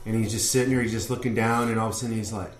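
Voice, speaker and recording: A man's voice: fairly low pitch, fairly even intonation, very fast. A man co-hosting a casual wrestling fan talk show, telling rambling stories and acting out the people he quotes. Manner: rambling storyteller, acts out quotes. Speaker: podcast co-host. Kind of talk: casual chat. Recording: roomy echo.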